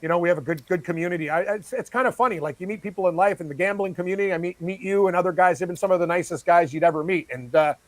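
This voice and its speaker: High, excitable male betting analyst. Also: no echo. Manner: excitable, fast-rambling, laughs easily. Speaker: sports betting analyst guest. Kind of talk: casual chat.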